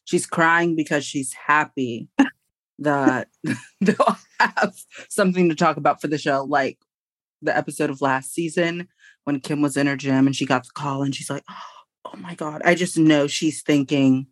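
A young woman chatting as a podcast guest, blunt and quick to laugh. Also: low voice, no room sound, clean studio sound. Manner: blunt, laughing, emphatic agreement. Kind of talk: casual chat.

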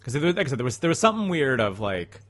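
A man's voice: mid-range voice, very animated, racing, fairly bright tone. A man in his forties co-hosting a podcast in casual chat. He laughs often and acts out what other people said. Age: 40s. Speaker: podcast co-host.

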